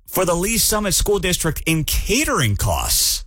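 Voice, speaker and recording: A man hosting a morning talk radio show, ranting in an animated and incredulous way. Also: high-pitched, measured pace, dry recording.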